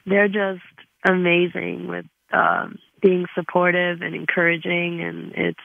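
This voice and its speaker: An older woman, an author and grandmother, answering interview questions in a halting way, with restarts and soft laughs. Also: fairly low pitch, gravelly, no echo, phone-quality sound. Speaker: author guest.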